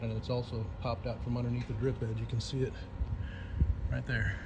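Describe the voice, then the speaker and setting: A man's voice: mid-range voice, background noise. Man explaining a gutter repair. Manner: plain, explanatory, with frequent "uh" fillers. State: a little out of breath. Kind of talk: casual on-the-job walkthrough. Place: outdoors at a house.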